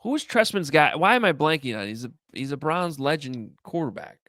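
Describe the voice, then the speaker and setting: A man in casual sports chat, animated and jokey, often trailing off and restarting. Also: on the high side, a little fast, no room sound, studio quality. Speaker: sports podcaster.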